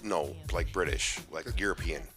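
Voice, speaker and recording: Low-voiced man telling stories. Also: normal speed, a bit bright, soft background music. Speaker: podcast co-host. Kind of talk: casual podcast banter.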